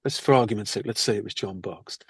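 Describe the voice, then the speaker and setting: Husky older man telling stories. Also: fairly low pitch, fast, dry recording. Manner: animated, acts out quoted people. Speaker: actor guest. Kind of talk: anecdotal storytelling in interview.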